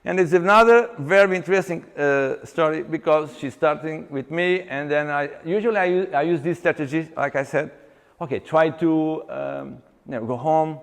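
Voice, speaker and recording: High-voiced man speaking in a reverberant hall. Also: vocal fry. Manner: animated storyteller who acts out client dialogue; halting, with many restarts and fillers. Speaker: seminar speaker, exercise coach. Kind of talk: live seminar talk. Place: seminar venue with long reverb.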